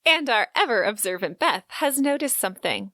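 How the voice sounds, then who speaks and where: A woman co-hosting a casual book recap podcast, gushing and animated, laughing often between read-aloud quotes. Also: on the high side, normal speed, no room sound, studio quality. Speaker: podcast co-host.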